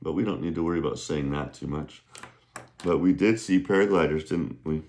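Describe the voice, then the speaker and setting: A man teaching Mandarin vocabulary in a casual, patient way, slowly modeling each word's pronunciation with lively jumps in pitch. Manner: bursts of high pitch when modeling Chinese tones.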